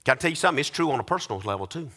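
A man preaching a sermon to his congregation, with a rising sing-song cadence and dramatic pauses. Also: a little high, expressive, bright, forceful tone. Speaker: pastor.

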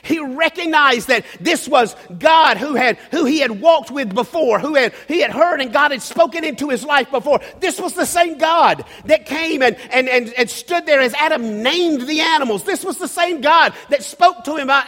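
High-voiced male pastor preaching in a hall. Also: lively intonation, sharp tone. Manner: preaching, often halting and restarting, with bursts of raised emphasis. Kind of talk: sermon. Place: church sanctuary. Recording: long hall reverb.

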